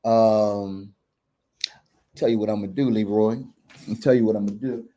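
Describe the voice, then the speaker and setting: A man's voice: fairly low pitch, steady tone, normal speed, warm tone. A man speaks as a coach hosting a candid talk show. He is earnest and reflective, restarting his sentences and checking in with his listeners. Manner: earnest, reflective, many restarts and emphatic "right?". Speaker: men's coach and podcast host.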